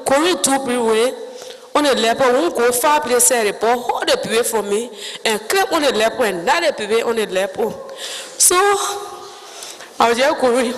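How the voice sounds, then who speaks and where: A woman with a Liberian English accent giving spoken testimony in halting, broken phrases, acting out other people's words as she goes. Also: fairly high pitch, long reverb tail, poor audio.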